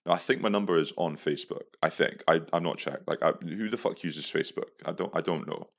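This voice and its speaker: A man's voice: low-pitched, brisk, gravelly. A young man hosting a podcast, telling a story in a crude, profane, comic rant. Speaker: podcast host. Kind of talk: casual storytelling monologue.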